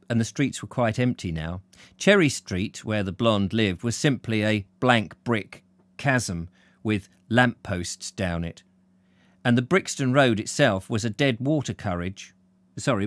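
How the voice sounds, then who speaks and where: A man's voice: fairly low pitch, dry recording. A British man giving a live reading of a novel, then chatting with viewers and reading out their comments. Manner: storyteller, reads out viewer comments warmly. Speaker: reader and live-stream host.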